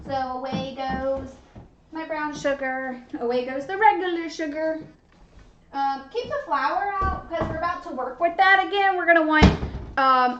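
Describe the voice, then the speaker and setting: A woman's voice: high voice, noisy background. A young woman hosting a live baking demonstration, chatty and bubbly as she talks to her viewers from a kitchen. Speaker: baking show host. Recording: dull lo-fi stream audio.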